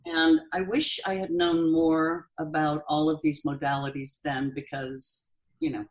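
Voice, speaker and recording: Lady in her 60s, real low voice, earnest storytelling on a podcast, stops and restarts a lot. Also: little pitch movement, low-quality recording. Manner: earnest, halting, with restarts and pauses. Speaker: podcast guest, bereaved mother. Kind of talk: personal storytelling in an interview.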